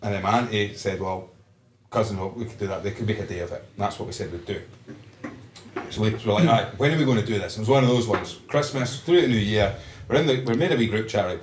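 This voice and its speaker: Low-voiced Scottish man telling a story. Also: fast talker. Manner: lively storyteller, laughs mid-story. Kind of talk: casual pub chat. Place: busy pub. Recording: roomy pub with faint noise.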